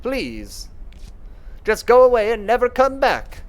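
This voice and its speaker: A man voicing a distraught young woman who sobs and accuses in a shrill, pleading way. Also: wildly swooping pitch, takes it slowly, full character voice. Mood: tearful, accusing.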